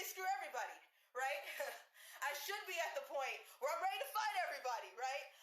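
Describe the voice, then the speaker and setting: A high-pitched woman hosts a casual livestream from her home, venting with emphatic, repeated rhetorical questions and laughing between phrases. Her voice bounces around a roomy, echoey space and is picked up by a phone or computer mic. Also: pushed and bright. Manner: emphatic, laughs between phrases, keeps asking "okay?" and "right?". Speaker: livestream host and dance choreographer. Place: indoors at home, heater on. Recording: roomy echo.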